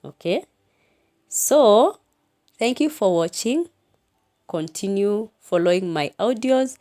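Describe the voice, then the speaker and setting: Woman teacher, lively pitch, slow careful delivery, reads verse and calls out punctuation. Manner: slow and deliberate, dictating punctuation, expressive. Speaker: English teacher. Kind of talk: recorded lesson, reading a poem aloud.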